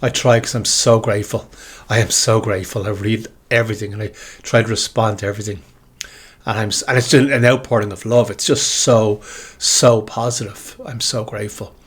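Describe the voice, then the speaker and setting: A man's voice: lowish voice, fairly even intonation, a little fast, husky. A man speaking a reflective spiritual monologue to his viewers, musing through repeated questions and speaking with heartfelt gratitude. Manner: heartfelt, grateful. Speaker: spiritual video creator.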